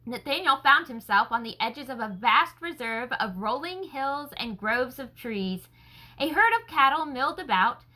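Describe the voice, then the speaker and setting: A woman reading a story aloud as an audiobook narrator, with expressive storytelling. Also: high-pitched. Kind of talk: scripted narration.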